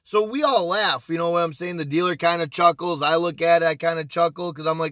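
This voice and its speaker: Blunt, profane former pit boss. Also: male voice, on the high side, a little fast, hardly any pauses, a bit bright, no room sound. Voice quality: blunt, profane, repeats himself. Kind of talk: casual storytelling to camera.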